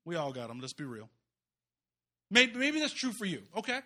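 A man preaching an impassioned, folksy sermon, rising to loud urgent peaks and dropping to quiet asides. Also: sits high, huge pitch swings, moderate pace. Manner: folksy, uses y'all and slang. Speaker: guest preacher.

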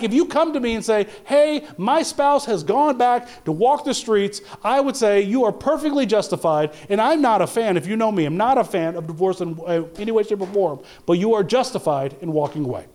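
A man's voice: high-pitched, lively intonation, fast, hardly any pauses, darkish tone. A man preaching a sermon in a conversational way, with stumbles and restarts, rising to emphatic peaks. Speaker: pastor.

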